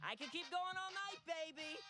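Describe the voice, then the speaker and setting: An actor playing a brash, crude, flirtatious male spider demon in animated series dialogue. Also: extremely high pitch, moderate pace, over loud music. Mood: flirty.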